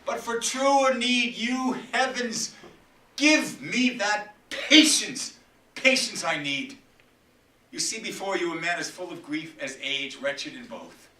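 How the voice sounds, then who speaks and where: Man acting bellowing grief-struck old king, bright tense voice, heard from back of a roomy hall. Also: sits high, pitched above the performer's own voice, full character voice. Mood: raging. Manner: declaiming loudly and slowly, bursts of whispered fury. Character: aged raging old king, grief-stricken and proud. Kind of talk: dramatic Shakespeare recitation. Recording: echoey room from far off.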